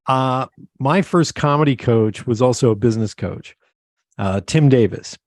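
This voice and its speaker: A male host with a middle pitch tells a story with animation and lively acted-out quotes. The recording is dry, with no room sound. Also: unhurried, dry recording. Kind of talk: interview conversation, storytelling.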